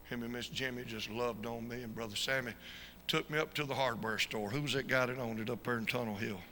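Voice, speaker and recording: A man preaching a fervent sermon as an evangelist, swinging from shouted peaks to quiet storytelling. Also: medium pitch, steady tone, fairly quick. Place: church sanctuary. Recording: reverberant church hall with faint noise.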